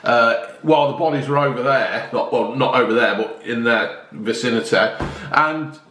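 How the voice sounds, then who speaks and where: A man's voice: mid-range voice, moderate pace, a bit bright, a little hiss or hum. A middle-aged man chatting casually as a vlogger, reacting bluntly to news stories with plenty of swearing. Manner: blunt, sweary, ranting commentary. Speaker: vlogger reviewing newspaper stories. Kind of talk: casual chat. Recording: echoey room.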